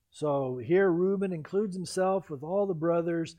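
A man preaching a sermon in an expressive way, rising to loud emphasis and dropping to hushed, quiet lines. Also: sits high, moderate pace, few pauses. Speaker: pastor.

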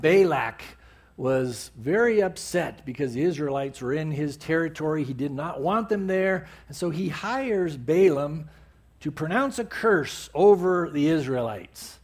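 A male preacher retelling a Bible story in a sermon, with animated storytelling and bursts of emphasis. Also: fairly high pitch.

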